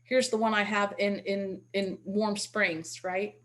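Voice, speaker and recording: A woman's voice: medium pitch, little pitch movement, slow pace, a bit bright. Chatty woman teaching on a call. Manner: chatty, repeats words when restarting; demonstrates with call scripts. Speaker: real estate investing teacher. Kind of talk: online webinar teaching.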